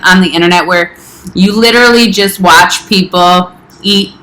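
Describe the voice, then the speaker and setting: A woman's voice: lowish voice, steady tone, normal speed, sharp tone, reverberant, poor audio. A young adult woman health coach chatting casually in a home kitchen, rambling a little and talking with her mouth full. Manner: chatty, rambling, talks while eating. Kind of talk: casual vlog chat.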